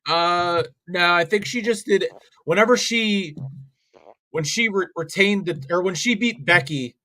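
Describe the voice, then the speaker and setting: A man's voice: high voice, measured pace, sharp tone. A young man co-hosting a wrestling watch-along stream, rambling through live commentary with many fillers and restarts.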